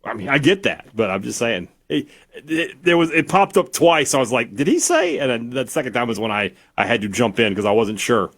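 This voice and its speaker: A man's voice: medium pitch, lively intonation, a little fast, fairly bright tone. A man co-hosting sports talk radio in casual banter, arguing playfully with frequent stammered restarts.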